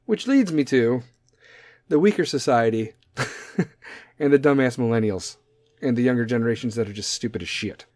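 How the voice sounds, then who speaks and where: A man's voice: mid-range voice, moderate pace, pauses often, a little mellow, no room sound, studio quality. A young adult man hosting a podcast in a profane, confrontational rant that keeps drifting off on tangents. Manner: goes off on tangents. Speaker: podcast host. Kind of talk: ranting monologue.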